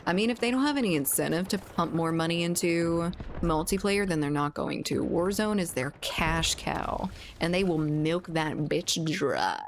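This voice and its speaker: A woman's voice: lowish voice, lively intonation, normal speed, slight background noise. A woman streamer chatting casually with viewers while gaming, laughing often and swearing freely.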